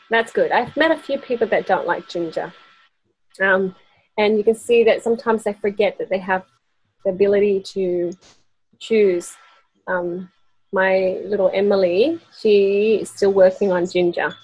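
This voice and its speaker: In a casual workshop talk, a woman presents essential oils to a small group, chatty and laughing often as she acts out quoted voices. Her medium-pitched voice is lively in intonation, a little mellow and slightly rough, at a moderate pace. The recording sounds lo-fi.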